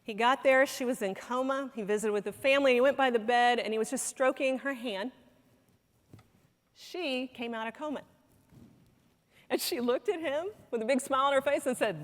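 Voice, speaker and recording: A woman with a slightly high voice speaks at a moderate pace while giving a talk in a conference hall, where the recording picks up hall reverb. She tells a story earnestly and acts out the quoted dialogue.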